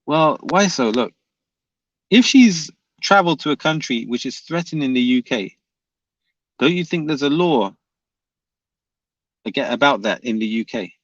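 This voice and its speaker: A man's voice: medium pitch, expressive, unhurried, long pauses, no room sound, dull audio. A man streaming live, reading viewer comments aloud and arguing back, repeating his questions at the commenters.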